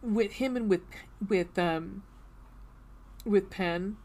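A woman's voice: mid-range voice, slow, a little mellow. A woman co-hosting a book club podcast, chatting casually, breaking off with laughs and restarting her sentences. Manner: chatty, full of fillers and restarts, laughs while reading. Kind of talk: casual chat and reading aloud.

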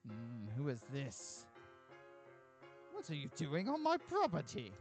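A man's voice: on the high side, huge pitch swings, takes it slowly, over music, exaggerated voice. A man voicing a vain, pompous male villain with theatrical, posh-sounding outbursts. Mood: haughty.

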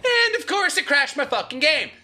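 A young man narrating and reacting to a survival game, excitable and profane, often yelling at the enemies he fights. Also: very high-pitched, moderate pace, soft background music. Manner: excitable, swears, yells at the game. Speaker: gaming YouTuber. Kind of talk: narrated gameplay commentary.

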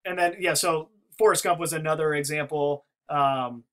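A man's voice: fairly high pitch, steady tone, moderate pace, sharp tone. A man talking through a theory in casual spoken commentary, rambling with many restarts and fillers. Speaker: video commentator.

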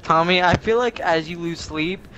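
A man's voice: a little high, moderate pace, muffled recording, crowd noise. A young man in casual gaming voice chat, telling long rambling stories full of crude jokes. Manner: rambling, crude, joking storyteller. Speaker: gamer chatting with friends.

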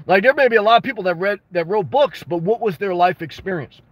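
A man with a notably high voice hosts a casual livestream, answering his viewers' comments one after another. He gives blunt, jokey advice and breaks into excited outbursts now and then. The sound is dry and close, with no room echo. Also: fast talker. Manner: reads and responds to viewer comments. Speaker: livestream host answering chat.

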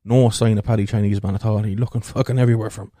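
A man's voice: on the low side, little pitch movement, very fast, mellow, no room sound, studio quality. A man with a stutter hosting a podcast, telling crude, rambling jokes and swearing freely. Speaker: podcast host.

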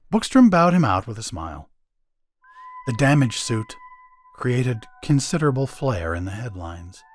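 A man narrating a science fiction story with dramatic expression on his podcast. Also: mid-range voice. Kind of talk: story reading.

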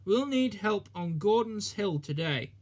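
A man doing a steady, reassuring engine driver. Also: sits high, measured pace, breathy edge, voice pushed up, heavily acted. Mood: matter-of-fact. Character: calm encouraging male engine driver. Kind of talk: storybook reading.

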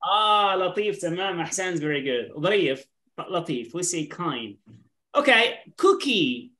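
Very animated and fairly bright, her voice sits on the low side as she teaches English to an online class over a video call. She is patient, a native Arabic speaker who slowly repeats words and explains in Arabic.

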